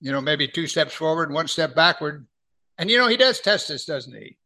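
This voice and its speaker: A middle-aged man preaching a verse-by-verse Bible lesson in a conversational way, asking his listeners rhetorical questions and slowing right down whenever he reads scripture aloud. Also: on the high side, big pitch swings, vocal fry, pushed and bright.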